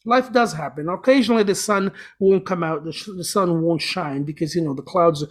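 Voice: medium pitch, fairly quick. Show host, chatty, meandering, self-correcting, dad-joke humor. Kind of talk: casual spiritual talk.

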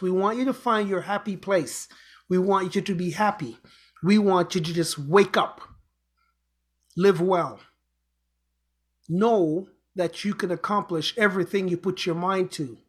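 A man hosting an inspirational show, giving an earnest motivational talk with repeated exhortations and a told fable. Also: sits high. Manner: earnest, repetitive urging, exhortations.

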